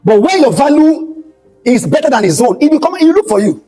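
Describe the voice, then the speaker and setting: A man's voice: extremely high pitch, big pitch swings, quick pace, warm tone, soft background music, low-quality recording. A Nigerian man, a pastor, giving an emphatic motivational talk at a skills bootcamp, repeating his key phrases for weight. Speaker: pastor and speaker. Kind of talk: motivational talk with sermon-like storytelling. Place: event hall at a skills bootcamp.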